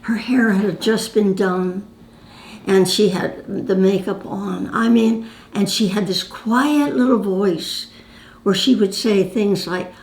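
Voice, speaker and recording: This is casual storytelling to camera from a woman in her nineties, who calls the viewer "my dear" as she reminisces. She takes it slowly, her mid-range voice carrying a darkish tone, with roomy echo around her.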